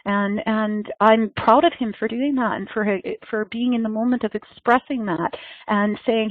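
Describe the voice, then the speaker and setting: A woman's voice: fairly high pitch, steady tone, normal speed, no room sound. Earnest woman teacher over a tinny line. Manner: earnest and flowing, often repeating and restarting phrases. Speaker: spiritual teacher leading a meditation gathering. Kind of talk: meditative spiritual talk. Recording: dry, tinny phone-like sound.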